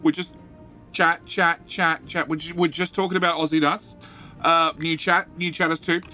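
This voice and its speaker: A man hosting a live game stream, chatting with viewers in a jokey, excitable way and often repeating his words. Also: fairly high pitch, moderate pace, soft background music.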